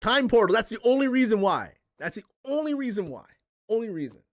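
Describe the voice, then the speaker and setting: A man's voice: high-pitched, big pitch swings, brisk. A man hosting a livestream, ranting casually and profanely, with rambling restarts. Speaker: streamer and podcast host.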